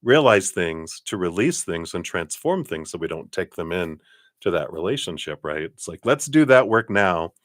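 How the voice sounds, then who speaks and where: A man giving a live tarot card reading in a relaxed, chatty way, often laughing. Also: low-pitched, normal speed, no echo, studio quality.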